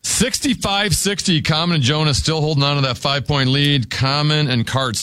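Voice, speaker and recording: A man hosting a word game show, briskly announcing scores and whose turn it is. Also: fairly high pitch, a bit bright, clear, resonant tone, no echo.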